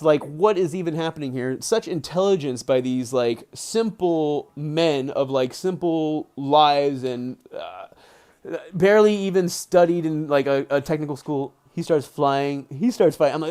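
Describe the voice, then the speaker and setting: A young man live-streaming from home, reading a book aloud and breaking off into excited, rambling commentary full of "like". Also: on the high side, measured pace, clean tone. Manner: excitable, rambling, heavy on filler "like". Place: indoors at home, settled under a blanket.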